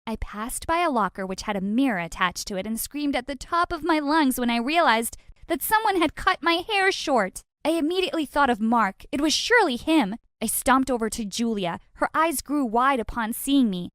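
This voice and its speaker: A woman narrating an animated drama in the first person, lively and exaggerated with comic outbursts. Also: high voice, normal speed, dry recording, clean studio sound.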